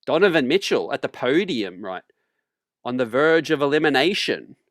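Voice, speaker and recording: A man hosting a sports talk channel, relaxed and casual, calling viewers fam and ladies and gentlemen and clearing his throat often. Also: mid-range voice, normal speed, no room sound, clean studio sound.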